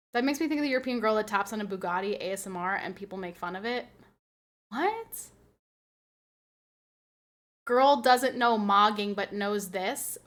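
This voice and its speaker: A woman's voice: fairly high pitch, a bit bright. A woman streamer chatting casually with her viewers, rambling and laughing often as she reads and answers chat.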